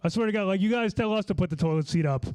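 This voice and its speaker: In a small comedy venue, a Long Island, New York man with a somewhat high, darkish, clear and resonant voice performs rambling stand-up at rapid-fire speed. He's a bit tipsy and slurs slightly, and his casual, loose delivery is packed with restarts and swearing.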